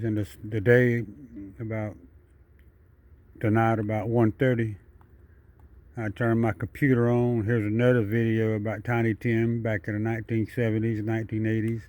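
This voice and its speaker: A wildlife vlogger narrates outdoors at night in a medium-pitched, darkish voice. He holds the camera himself and chats repetitively, speaking straight to the animal.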